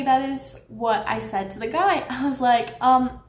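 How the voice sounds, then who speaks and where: A young woman telling a storytime vlog with lots of swearing, animated and quick to get loud when heated. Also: high-pitched. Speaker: vlogger. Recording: roomy echo with faint background noise.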